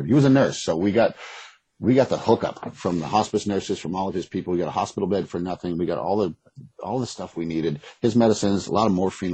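Husky fast-talking man, blunt and candid. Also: low-pitched, darkish tone, poor audio. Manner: candid, blunt, rambling with restarts. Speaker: guest, author. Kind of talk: casual interview conversation.

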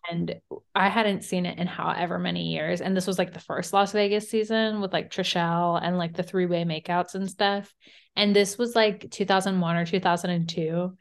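A woman's voice: lowish voice, steady tone, normal speed, creaky. A young woman from Virginia with a light Southern accent, co-hosting a casual podcast chat, laughing often and filling her talk with "like". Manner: chatty, laughs often, says "like" a lot. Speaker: podcast co-host.

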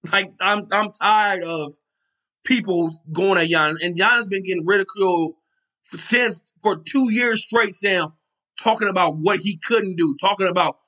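A man's voice: sits high, moderate pace, pushed and bright. A man hosting a sports podcast, talking with passion and emphasis, repeating himself and swearing now and then. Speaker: podcast host. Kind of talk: excited sports talk.

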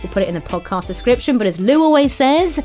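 A woman's voice: fairly high pitch, lively intonation, quick pace, warm tone, soft background music. A woman co-hosting a podcast, chatting casually and agreeing readily with her co-host. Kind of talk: casual chat.

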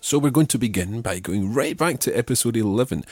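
A man hosting a podcast language lesson, patiently giving English phrases and repeating the answers slowly and clearly. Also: mid-range voice, expressive, a little mellow, dry recording, studio quality, faint music behind. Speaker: language teacher host.

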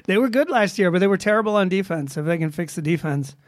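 A man's voice: high voice, animated, fast, no echo, clean studio sound. A man co-hosting a casual sports chat, hesitant and indecisive, with a wry sense of humor. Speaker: podcast co-host.

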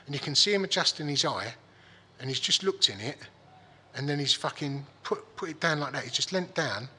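A man's voice: fairly high pitch, expressive, brisk, bright, forceful tone, slight background noise. A man telling a story in casual chat, swearing freely and restarting his sentences. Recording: long hall reverb.

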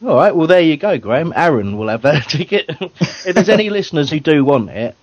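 A man's voice: on the high side, sing-song, a little fast, no room sound. A man hosting a fan radio show in casual banter, chatty and self-deprecating, laughing often. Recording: dull, dry lo-fi recording.

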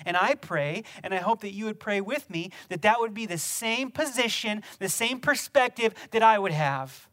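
A man preaching a sermon, building from quiet reflection to loud, emphatic exhortation with rhetorical questions. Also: sits high, expressive, normal speed, hardly any pauses. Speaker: pastor.

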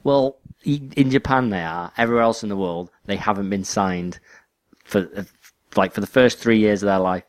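A man's voice: fairly low pitch, normal speed, dry recording. A man co-hosting a podcast in casual chat, rambling and restarting his sentences. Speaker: podcast co-host.

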